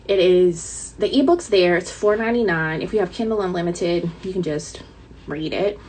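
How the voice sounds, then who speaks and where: A woman's voice: on the low side, normal speed, a little mellow, a little hiss or hum, low-quality recording. A woman author chatting casually to her viewers with a light Southern twang, dramatic and talkative, calling them y'all.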